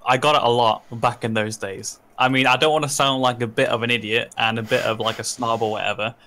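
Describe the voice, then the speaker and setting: A man's voice: mid-range voice, steady tone, a little fast, bright, forceful tone. A man co-hosting a gaming podcast, reminiscing casually with self-deprecating jokes. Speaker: podcast co-host. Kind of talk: casual chat.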